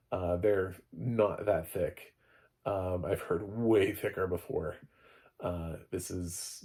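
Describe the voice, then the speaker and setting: A man's voice: low-pitched, darkish tone. A man, a film critic, casually reviewing a show and rambling with lots of "like" and "you know.". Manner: rambling, filler-heavy, frequent "like" and "you know". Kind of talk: casual review talk to camera.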